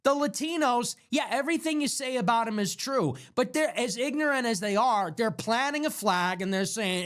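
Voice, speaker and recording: A man's voice: very high-pitched, animated, moderate pace, few pauses, a bit bright. A young man ranting in a livestream monologue, mocking and sarcastic, slipping into whiny impressions of the people he mocks. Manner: mocking, sarcastic, mimics others in whiny voices. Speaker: livestream political commentator.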